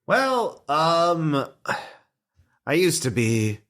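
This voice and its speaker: A man's voice: a little high, sing-song, extremely slow, fairly bright tone, voice pushed up, exaggerated voice. Man playing Rat Face, a cranky vent-dwelling vagrant. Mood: rambling. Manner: indignant, rambling, scattered. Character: filthy scruffy ranting homeless man in a vent, cranky.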